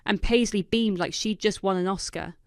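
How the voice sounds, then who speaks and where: A woman reading a first-person drama story in a dry, knowing, quietly vindictive manner. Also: mid-range voice, moderate pace, dry recording. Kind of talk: scripted first-person narration.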